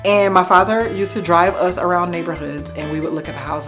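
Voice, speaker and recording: A woman's voice: fairly low pitch, fairly even intonation, fairly quick, few pauses, fairly bright tone, soft background music. A woman in her thirties from the United States chatting casually to camera, answering questions with self-mocking asides to viewers. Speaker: vlogger. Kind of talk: casual to-camera Q&A tag video.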